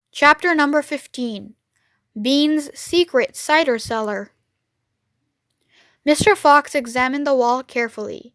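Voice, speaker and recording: A woman reading a children's book aloud, clear and expressive. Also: high-pitched, a little slow, long pauses, no room sound, studio quality. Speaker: storyteller. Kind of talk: children's read-aloud narration.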